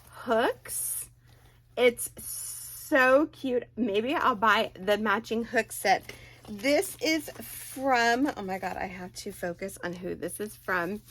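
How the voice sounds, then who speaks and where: A woman's voice: on the high side, a bit bright, slight background noise. A middle-aged woman hosting a crochet channel, chatting casually as she unboxes gifts at home, gasping and gushing with delight. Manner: gushing, gasps and squeals with delight. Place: home craft room.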